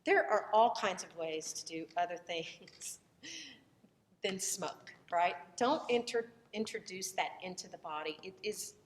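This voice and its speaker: A woman with a Southern American accent, a voice teacher lecturing in a relaxed, conversational way with frequent fillers and restarts. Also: on the low side, measured pace, a little hiss or hum. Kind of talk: recorded lecture. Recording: echoey room, voice from far off the mic.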